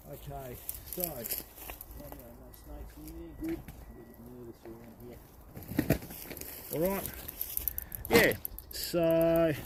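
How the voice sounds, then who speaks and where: A man's voice: on the high side, darkish tone, a little hiss or hum. A man, streaming live while fishing on a river and chatting with his viewers in a casual, laid-back way. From Australia. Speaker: fishing livestreamer. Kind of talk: casual livestream chat. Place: outdoors by a river. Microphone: phone.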